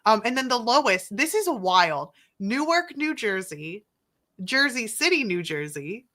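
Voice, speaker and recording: A woman's voice: fairly high pitch, big pitch swings, a little slow, a bit bright. A woman co-hosting a casual livestream chat, chatty as she reads out lists.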